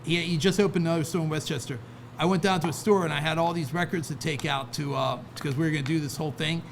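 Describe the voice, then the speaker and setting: This podcast guest, who founded a record label, speaks fast in a slightly high, creaky voice with a steady tone, and there's a bit of background noise. It's loose interview talk where he keeps restarting and tossing in "right?"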